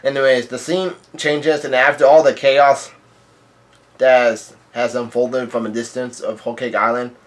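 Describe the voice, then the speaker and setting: A man, host of his own channel, casually retelling a comic chapter in a rambling, halting way. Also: medium pitch, flat delivery. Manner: rambling, halting, with restarts and laughs. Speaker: video host.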